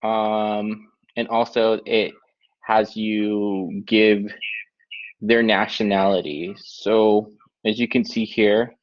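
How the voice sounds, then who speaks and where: A man teaching a Spanish class online, explaining tasks in a relaxed way with many filler ums. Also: lowish voice, slow. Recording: dull lo-fi online lesson audio.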